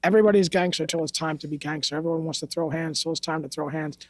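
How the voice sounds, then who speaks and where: A martial arts instructor from New York rattles off stories on a podcast, talking fast in a steady tone with a slightly high voice. The casual interview storytelling is blunt, profane and streetwise, recorded in a podcast studio with no echo.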